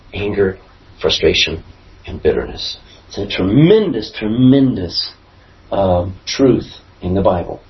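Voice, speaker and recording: A man leading a Bible class, his voice swinging up and down with lively emphasis as he quizzes the room. Slightly high for a man. The recording is dull and lo-fi. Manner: asks the class questions, lively emphatic delivery. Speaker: pastor teaching a Bible class. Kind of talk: conversational Bible teaching.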